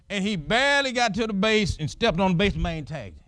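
A man preaching a sermon as a pastor, with a dramatic storytelling manner that breaks into shouted exclamations. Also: high voice, big pitch swings, brisk, no room sound, studio quality.

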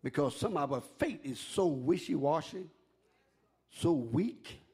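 An older male preacher with a high, gravelly voice that leaps all over its range. He drops to a near hush and then climbs into ringing shouts, with a husky edge throughout. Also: expressive, unhurried. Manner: call-and-response preaching, swings from hushed to shouting. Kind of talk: sermon.

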